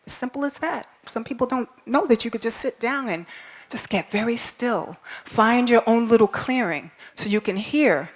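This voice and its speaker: A woman storyteller speaking live to an audience at a school ball, expressive and coaxing, asking listeners to repeat words after her. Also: on the high side, moderate pace.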